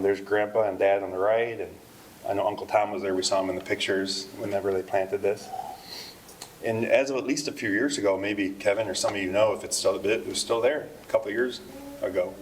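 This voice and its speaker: The recording is rough as a middle-aged eulogist, his voice on the low side, recounts family stories at a memorial service. His delivery rambles and stays conversational, peppered with fillers and laughs.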